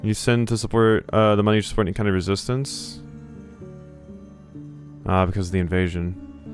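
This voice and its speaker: A man's voice: lowish voice, fast talker, soft background music. A man hosting a let's play, reading game text aloud with sarcastic, joking asides. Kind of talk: playing a game and reading along.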